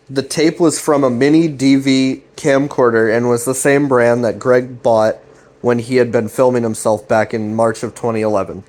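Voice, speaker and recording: A man's voice: mid-range voice, darkish tone. A young man recapping a web series in a loose, rambling way, swearing often and restarting his sentences. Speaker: host.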